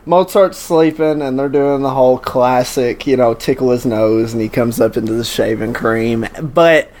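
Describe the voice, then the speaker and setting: A man's voice: medium pitch, normal speed, darkish tone. A man in a casual movie commentary chat, easygoing and telling scenes like stories with chuckles.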